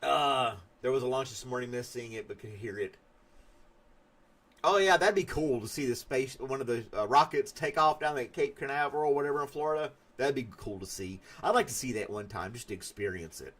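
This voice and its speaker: A man's voice: mid-range voice, animated, fairly quick, fairly bright tone. A man hosting a casual live stream, chatting loosely and reading viewer comments as he rambles. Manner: rambling, chatty, laughs at his own stories.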